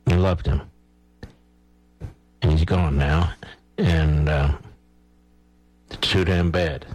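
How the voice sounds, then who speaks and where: A man's voice: a bass voice, steady tone, slow, darkish tone, no room sound, rough recording. A man hosting a talk radio show, delivering a blunt, emphatic opinion monologue and cueing his producer.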